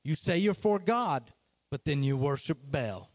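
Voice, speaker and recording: A man's voice: a little high, expressive, measured pace, dry recording. A man doing a brash swaggering prophet. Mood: defiant. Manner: brash streetwise talk, taunting. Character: bold defiant male prophet, swaggering.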